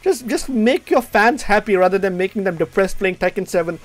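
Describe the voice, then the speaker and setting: A male streamer reacting to a game trailer at his PC, hyped and swearing, repeating words, his voice going hoarse. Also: normal speed. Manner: hyped, swearing, repeats words, pitch jumps when excited. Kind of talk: excited casual reaction chat. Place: home room at his PC.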